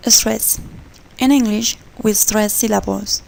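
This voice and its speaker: Gravelly-voiced woman reading a class presentation. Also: medium pitch, fairly even intonation, a little mellow, rough recording. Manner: slow, careful reading with non-native grammar. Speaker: student presenter.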